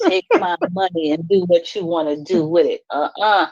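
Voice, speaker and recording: A middle-aged woman talks bluntly and with a lot of feeling on a live stream. Her pitch leaps up when she is indignant, and she laughs between points. The sound is dry and close, with almost no room echo. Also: normal speed, dull audio. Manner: blunt and animated, laughs often, swings high when indignant. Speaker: guest speaking on a live stream. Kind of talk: venting in casual live-stream chat.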